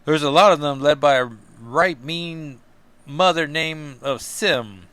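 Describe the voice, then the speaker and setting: A man's voice: a little high, takes it slowly, a bit bright, smooth. A man putting on a drawling young Kentucky hero. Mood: earnest. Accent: put-on Kentucky.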